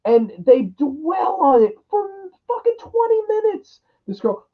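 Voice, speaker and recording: A man's voice: extremely high pitch, sing-song, slow pace, hardly any pauses. A man ranting through a crude, exasperated horror movie review, mocking the characters in put-on voices. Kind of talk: profane ranting film review. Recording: dull lo-fi audio.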